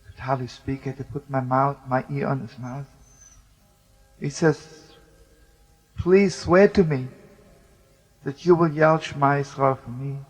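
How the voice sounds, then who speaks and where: A man's voice: medium pitch, level tone, moderate pace. An older man, a rabbi, tells an emotional story in a spoken storytelling style and mixes in Hebrew and Yiddish words. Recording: muffled lo-fi recording with music.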